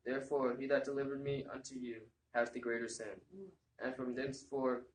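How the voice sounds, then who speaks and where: Male scripture reader, mid-pitched and plain; echoey room, faint noise. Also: level tone, brisk. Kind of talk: reading scripture aloud.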